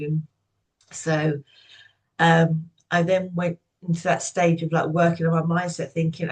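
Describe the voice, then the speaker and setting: A woman in her fifties, a podcast guest, candidly recounting painful childhood memories in a steady, personal storytelling manner. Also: deep voice, unhurried. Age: 50s.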